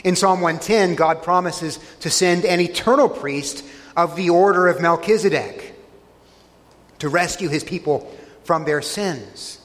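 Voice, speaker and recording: A man's voice: sits high, unhurried, fairly bright tone, in a large hall. A man preaching a sermon, earnestly retelling scripture scenes and pressing each point with emphasis. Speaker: pastor.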